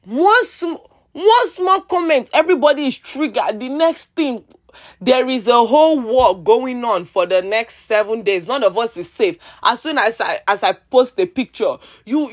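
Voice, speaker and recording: A woman's voice: lively intonation, moderate pace. Heated Nigerian woman ranting. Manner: heated, exasperated ranting with sarcastic jabs and repeated pleas; swings between loud outbursts and low mutters. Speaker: vlogger. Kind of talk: rant vlog.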